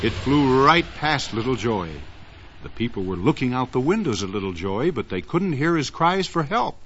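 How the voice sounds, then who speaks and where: On a dull old lo-fi recording with a little hiss or hum, a man tells a children's story in a sing-song way. His mid-range voice is very animated and fairly bright, and he draws words out for emphasis.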